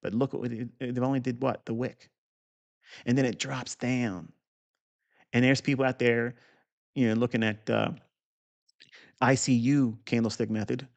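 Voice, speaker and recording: Gravelly, blunt man teaching live. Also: medium pitch, steady tone, a little slow, long pauses, dull audio. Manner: blunt, profane, digressive, talks to the viewer directly; repeats key points for emphasis. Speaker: trading educator. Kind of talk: live market review lesson.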